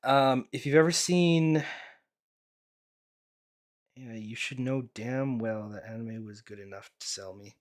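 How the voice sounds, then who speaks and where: A man's voice: mid-range voice, a little slow, pauses often. A young man giving casual reaction commentary as an anime YouTuber, blunt and profane, rambling with lots of fillers.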